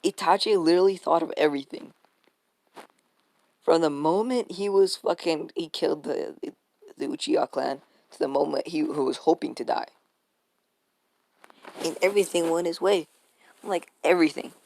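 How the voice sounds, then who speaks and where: A man's voice: a little high, normal speed, gravelly, pauses often, darkish tone. A man casually retelling a fan-made story, rambling along with lots of fillers, restarts and swearing.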